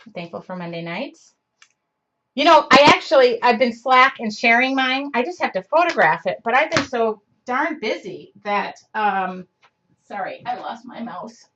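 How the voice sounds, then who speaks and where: A woman's voice: fairly high pitch, lively intonation, moderate pace, fairly bright tone, dull audio. A woman hosting a casual live-streamed art lesson, chatting to viewers, greeting them by name and talking to herself as she paints. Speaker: art class host. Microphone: computer mic on a live stream.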